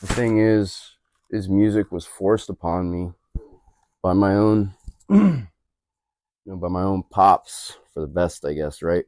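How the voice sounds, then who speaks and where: A man's voice: sits low, animated, slow pace, pauses often, mellow, no echo, clean studio sound. A man guesting on a casual interview, talking in a laid-back, rambling way full of fillers and restarts. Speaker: guest musician.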